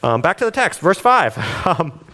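A man's voice: fairly high pitch, sing-song, a little slow, pushed and bright. A man reading scripture aloud and explaining it in a casual, earnest way, sometimes getting worked up. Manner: reads scripture then explains it conversationally. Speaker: Bible teacher. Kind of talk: devotional Bible reading and commentary.

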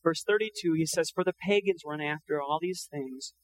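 A man's voice: on the high side, normal speed, slight background noise, rough recording. A man preaching a sermon in an earnest, conversational way, often quoting scripture. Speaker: pastor.

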